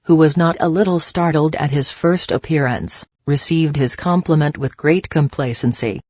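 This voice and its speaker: A man reading a classic novel aloud as audiobook narration, in a measured, deliberate way. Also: medium pitch, a little mellow, dry recording, clean studio sound. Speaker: audiobook reader.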